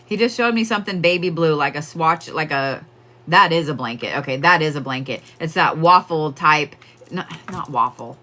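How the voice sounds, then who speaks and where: A woman talks straight to her chat in a loose, chatty way, stopping often to laugh. Her voice is bright and forward, though set a little low. She sounds like she is doing readings at home on a livestream. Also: lively intonation, moderate pace. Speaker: livestream psychic reader.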